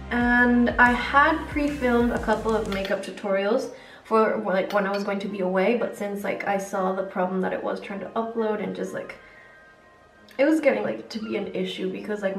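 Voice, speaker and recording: A young adult woman vlogging chattily while doing her makeup, rambling with lots of fillers. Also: medium pitch. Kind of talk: chatty get-ready-with-me vlog. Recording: roomy echo, distant mic, faint music.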